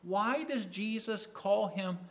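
A man preaching a sermon, acting out a disciple's words and swinging from loud to near silence. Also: sits high, takes it slowly. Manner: acts out a disciple's words in quoted asides; rises in loudness and falls to near silence.

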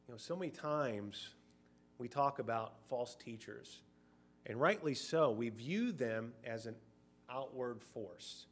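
A man's voice: mid-range voice, animated, takes it slowly, breathy edge. Conversational male preacher. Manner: conversational, acts out short quoted voices. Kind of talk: sermon.

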